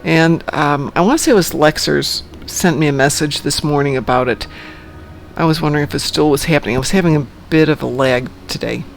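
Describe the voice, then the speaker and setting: A man's voice: fairly high pitch, fairly quick, creaky, faint music behind. A man hosting a live game stream, chatting in a friendly, easygoing way with teammates. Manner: chatty, friendly, laughs often. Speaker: livestream host. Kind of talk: casual gaming chat.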